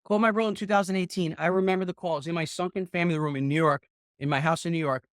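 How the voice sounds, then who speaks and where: A middle-aged man talks in a rambling, excitable way, swearing freely as he coaches a group call. His voice sits a little high for a man. The sound is close and dry, with no room echo. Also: quick pace. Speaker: real estate investing mentor.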